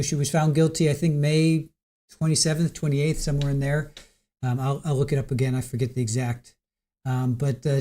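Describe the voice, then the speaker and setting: A man hosting a casual livestream about a trial, chatty and giggly, reading aloud haltingly. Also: a little high, a little mellow. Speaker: trial commentary host.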